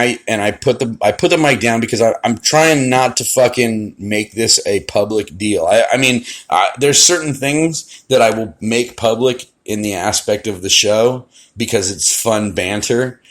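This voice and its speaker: A man's voice: lowish voice, a little slow, a bit bright. A young man telling a crude, swearing-heavy story about trouble at his karaoke show. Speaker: karaoke host. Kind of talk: profane storytelling rant.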